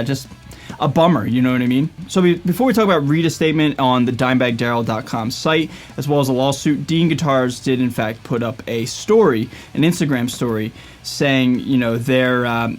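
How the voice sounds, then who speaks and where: A young man hosting a casual commentary video, stumbling and hesitant, with lots of fillers. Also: medium pitch. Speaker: YouTube host.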